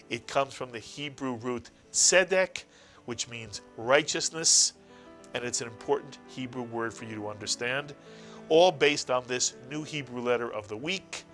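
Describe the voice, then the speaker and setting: A man teaching a recorded language lesson, pronouncing each word slowly and clearly. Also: medium pitch, sharp tone. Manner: slow, careful enunciation of each word. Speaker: Hebrew teacher.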